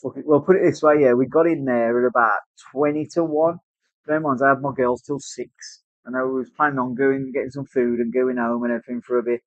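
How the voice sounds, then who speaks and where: A man's voice: mid-range voice, steady tone, brisk, no echo. British man telling a sweary story. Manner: swears often, acts out other people's voices. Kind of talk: casual storytelling chat. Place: tattoo studio. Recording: dry, slightly dull sound.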